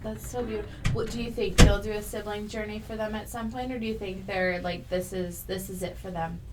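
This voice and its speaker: A woman's voice: medium pitch, steady tone, brisk. Woman co-host, supportive and gushing, slight hiss on the line. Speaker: podcast co-host. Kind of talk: casual interview chat.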